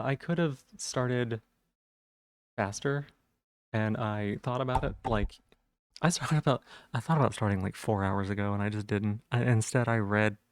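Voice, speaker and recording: A man's voice: medium pitch, creaky, dry recording, studio quality. A man chatting casually on a live stream, rambling with lots of fillers and restarts.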